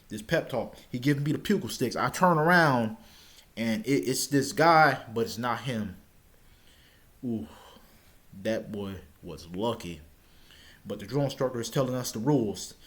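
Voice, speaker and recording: A young man casually telling a personal story, stammering now and then and shouting out the lines he quotes. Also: mid-range voice.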